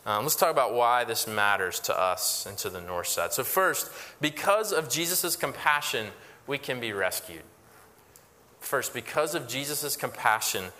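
A man's voice: medium pitch, sharp tone, long reverb tail. A man preaching a sermon as pastor, earnest and emphatic, often repeating phrases and restarting words.

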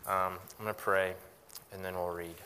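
A man's voice: sits low, level tone, normal speed, pushed and bright, a little hiss or hum. A man giving a sermon in an earnest, conversational way, with frequent fillers and restarts. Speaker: pastor. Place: church sanctuary. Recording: long hall reverb.

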